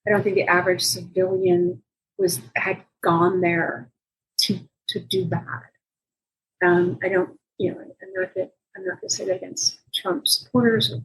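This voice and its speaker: A woman being interviewed about her reporting work tells a story in a lively, conversational way. She acts out what people said, and her voice jumps up in pitch when she quotes them. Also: moderate pace, rough recording. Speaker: journalist guest.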